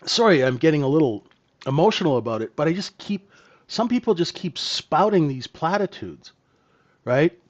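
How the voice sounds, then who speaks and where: A man's voice: fairly high pitch, very animated, moderate pace. Blunt trading mentor, man, lo-fi audio. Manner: blunt, emphatic, keeps asking "right?". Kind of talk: live trading-room commentary. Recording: dull lo-fi stream audio.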